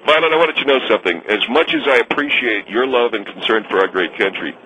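Casting: a pompous, smug air snob with a bright, forceful voice, as a man plays him. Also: medium pitch, quick pace, voice pushed down, close to an everyday voice, low-quality recording. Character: pompous bigoted first-class flyer, male, middle-aged. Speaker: show guest.

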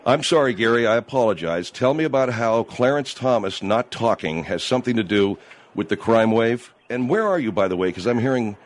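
A man's voice: mid-range voice, expressive. A male radio talk show host handling a comedic call-in, exasperated and argumentative. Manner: exasperated, argumentative, quick to snap.

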